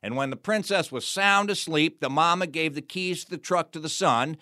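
Bright, folksy storyteller man. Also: fairly high pitch, moderate pace, no echo, clean studio sound. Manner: folksy, playful, wry asides. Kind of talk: performed folk tale narration.

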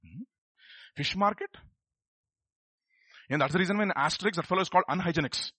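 Animated high-voiced preacher. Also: male voice, brisk, long pauses, breathy edge, no room sound. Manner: emphatic, quizzes the congregation with rhetorical questions. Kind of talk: sermon.

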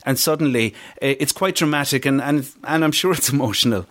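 Male podcast host, mid-pitched, sympathetic and reflective. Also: a little fast, a bit bright. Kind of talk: casual interview chat.

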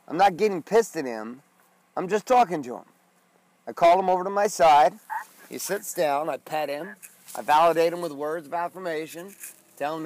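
A man's voice: a little high, dry recording. A middle-aged man hosting a motivational podcast, talking in an intense, emphatic and blunt way, with some swearing. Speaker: podcast host. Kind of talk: motivational monologue.

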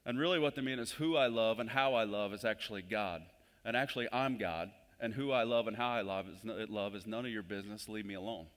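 A pastor giving a conversational sermon in a church. His delivery swells louder and higher whenever he stresses a point. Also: fast talker. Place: church sanctuary. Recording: long hall reverb.

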